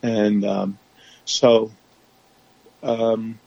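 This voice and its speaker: A podcast guest, a man with a low voice and a gravelly, fry-edged texture. He talks candidly, stopping and restarting his sentences often. The audio is dull and dry, like a remote call. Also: little pitch movement, darkish tone, no echo. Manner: halting, with frequent restarts and fillers. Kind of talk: candid conversational storytelling.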